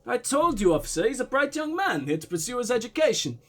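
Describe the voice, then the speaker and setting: Pompous diplomat with a put-on Russian-German accent, suave and dodgy, voiced by a man; lively, high delivery. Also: fast, full character voice. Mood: smooth, evasive. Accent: mock Russian-German blend. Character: smooth evasive male foreign diplomat, middle-aged.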